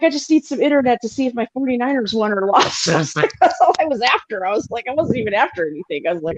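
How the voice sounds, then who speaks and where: A woman co-hosting a casual sports chat, rambling and animated, swearing freely and filling with "like". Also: fairly high pitch, fast talker, hardly any pauses, muffled recording, a little hiss or hum. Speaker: podcast co-host.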